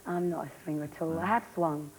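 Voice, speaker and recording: An actress being interviewed on a talk show, rambling and giggly, with a slightly hoarse voice. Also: female voice, deep voice, steady tone, darkish tone, poor audio. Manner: rambling, giggly, fast storyteller. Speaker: guest actress.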